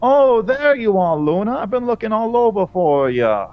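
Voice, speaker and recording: Bubbly canine cop, voiced by a man, pitched way up, upbeat and chatty. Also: big pitch swings, normal speed, smooth, lo-fi sound, faint music behind. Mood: cheerful. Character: cheerful, friendly canine police officer.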